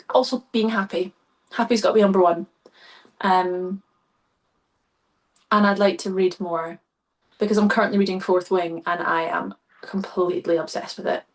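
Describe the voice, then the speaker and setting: A stage performer, a woman, chatting as a podcast guest, gushing and enthusiastic with many fillers. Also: mid-range voice. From Scotland. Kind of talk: casual podcast chat.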